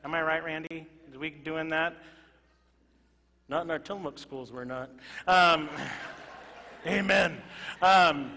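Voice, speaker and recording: A male pastor preaching a sermon to his congregation, moving from loud emphatic exclamations to quiet, earnest asides. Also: on the high side, fairly even intonation, takes it slowly, long pauses. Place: church sanctuary. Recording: reverberant church hall.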